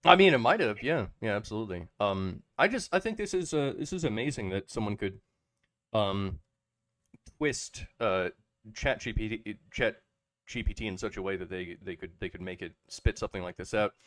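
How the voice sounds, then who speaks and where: Halting man, dry close sound. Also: animated, fairly bright tone, no room sound. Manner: halting, many fillers and restarts, low-key. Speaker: podcast host. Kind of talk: casual podcast chat.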